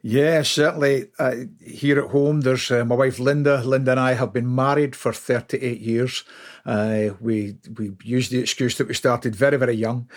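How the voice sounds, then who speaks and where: A Scottish man in his sixties, a podcast guest, speaking warmly and reflectively about family. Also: medium pitch, steady tone, moderate pace. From Scotland. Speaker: training director, guest. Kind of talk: casual interview chat.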